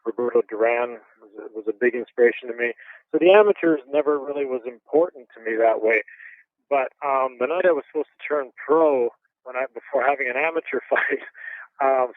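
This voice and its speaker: Guy in his 50s from canada telling boxing-style war stories over the phone, mid pitch, tinny. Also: dry recording. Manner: animated storyteller, chuckles often. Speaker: interview guest, former boxer. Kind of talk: casual storytelling interview. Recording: tinny phone-line sound.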